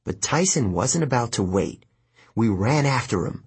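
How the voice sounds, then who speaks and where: A man reads a novel aloud as an audiobook, telling the story expressively. His voice is strongly husky and breathy. His pitch moves a lot, lifting and dropping through each sentence. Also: animated, normal speed. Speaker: audiobook narrator.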